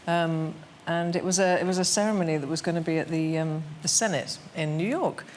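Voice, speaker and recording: A woman's voice: fairly low pitch, a little fast, darkish tone, slight background noise. A woman guest on a talk show telling a comic anecdote, laughing often and quoting others in funny voices.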